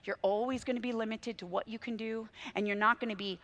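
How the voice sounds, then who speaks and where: A woman pastor, preaching with animated storytelling and dramatic swings from loud to hushed. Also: mid-range voice, a little fast, few pauses. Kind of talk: sermon.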